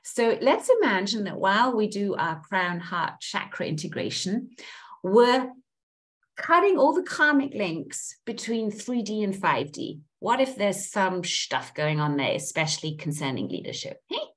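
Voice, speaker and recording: A woman coach leading a group through tapping, speaking repeated affirmations in a slow, chant-like way. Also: mid-range voice, big pitch swings, fairly bright tone.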